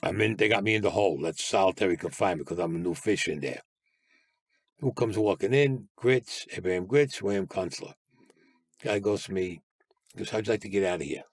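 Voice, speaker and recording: A man's voice: sits low, fairly quick, husky, no room sound, clean studio sound. An older man with a New York Italian-American accent, telling his life story as a guest, bluntly and with swearing, acting out the voices of others. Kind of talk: animated storytelling with quoted dialogue.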